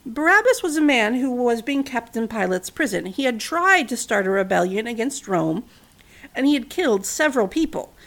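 A woman's voice: a little high, very animated, moderate pace, fairly bright tone. A woman casually retelling a Bible story, mixing narration with chatty, wry asides and fillers.

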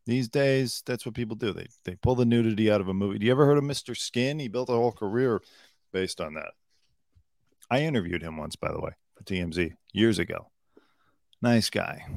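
A man's voice: fairly low pitch, no room sound, clean studio sound. A man hosting a live news commentary show, blunt and opinionated, swearing freely and swinging between emphatic outbursts and muttered asides. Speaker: show host.

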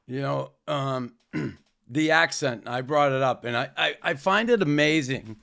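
A man's voice: mid-range voice, measured pace, creaky, pushed and bright. A man with a Boston accent, co-hosting a casual podcast chat, blunt and swearing freely. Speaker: podcast co-host.

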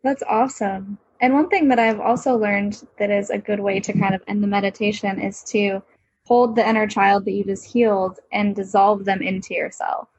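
A woman on a podcast who speaks in a calm, gently insightful way. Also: medium pitch, normal speed, slightly rough, no room sound, rough recording. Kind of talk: casual podcast conversation.

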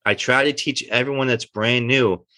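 New man telling lively acting stories. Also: medium pitch, normal speed, dry recording. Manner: animated anecdotes, acts out quoted dialogue. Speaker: actor guest. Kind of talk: casual interview storytelling.

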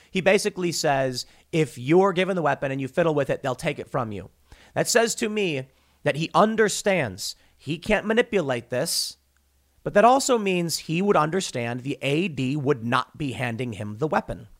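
A man talks through a news story in an animated commentary monologue. His voice sits a little high and swings widely up and down as he argues. He often stumbles over and restarts his sentences.

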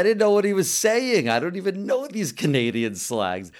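A young man co-hosting a casual film review podcast, talking in an animated way, swearing casually and stumbling over his words. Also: high voice, moderate pace. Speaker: podcast co-host.

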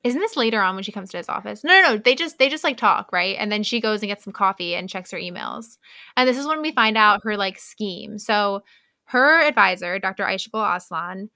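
A woman's voice: mid-range voice, expressive, vocal fry, bright, forceful tone, dry recording, studio quality. A young woman co-hosting a podcast, recapping a novel in casual chat, laughing often and acting out characters' lines. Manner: laughing, acts out characters' lines in quick voices. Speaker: podcast co-host.

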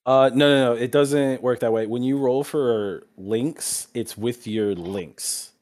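Game master, male, unhurried, giggly, lots of "like" and "um". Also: mid-range voice, a little mellow. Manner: laughs often, many fillers. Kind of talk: narrating a tabletop game over voice chat.

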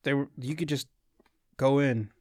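In a casual chat, a young man spins a long, rambling story, swearing often and acting out what people said. His voice is mid-range at a normal speed, with studio-quality sound and no room noise.

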